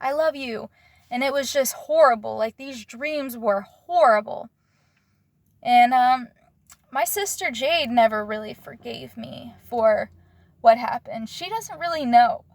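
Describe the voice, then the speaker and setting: A young woman in earnest, halting confessional storytelling, often pausing to search for her words. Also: on the high side, creaky, darkish tone, no room sound.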